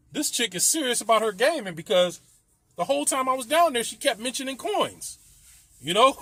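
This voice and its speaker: Middle-aged man, high voice, rambling profane storyteller who laughs a lot, dry close sound. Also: fairly bright tone, no room sound. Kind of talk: casual storytelling.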